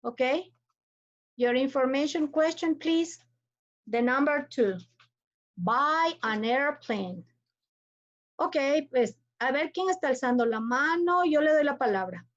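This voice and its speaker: Slow high-voiced Ecuadorian teacher on a video call. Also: female voice, animated. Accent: Ecuadorian Spanish. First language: Spanish. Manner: slow, patient, repeats names and cues. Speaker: English teacher. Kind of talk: online class, calling on students. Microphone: computer mic on a video call. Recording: dull lo-fi video call audio.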